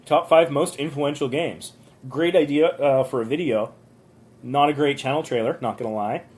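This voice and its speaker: A man hosts a casual live stream on his phone from a motel room, going loosely through channel reviews his viewers submitted. He speaks at normal speed in a mid-range voice with a darkish tone, rambling chattily with lots of ums and an occasional small rant.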